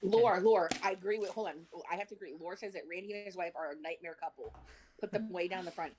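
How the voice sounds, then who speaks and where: A woman's voice: on the low side, fast talker, a little mellow, slight background noise. A woman co-hosting a live stream, chatting animatedly and reading viewer comments aloud. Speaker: livestream co-host reading chat. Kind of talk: casual chat.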